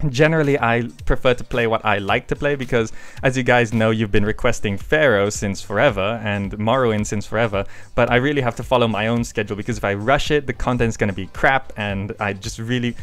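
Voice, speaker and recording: A man's voice: mid-range voice, a bit bright, clear, resonant tone. A man hosting his gaming channel, answering viewer questions in a casual, rambling way with frequent hesitations, into a desk microphone. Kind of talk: casual Q&A vlog. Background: faint background music.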